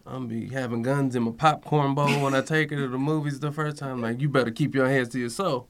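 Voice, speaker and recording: A young man speaks in a mid-pitched, everyday voice. He trades teasing jokes and banter at an easy conversational pace. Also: steady tone, brisk, background noise. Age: young adult. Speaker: comedian guest. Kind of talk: casual chat.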